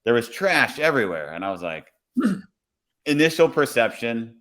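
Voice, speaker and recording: A man who works as a police officer tells a story in a relaxed, conversational way on a podcast and acts out his own quoted lines. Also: mid-range voice, normal speed.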